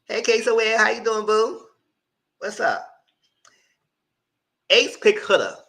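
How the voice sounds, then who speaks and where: A man takes his time recapping a reality TV show live, his voice fairly bright. His delivery is blunt and slang-heavy with lots of sass, punctuated by mocking high voices.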